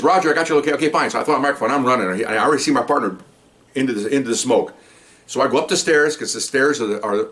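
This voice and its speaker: A retired police officer, an older man, telling a story from his patrol days in a casual, animated way, often repeating words and checking in with "okay?". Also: medium pitch.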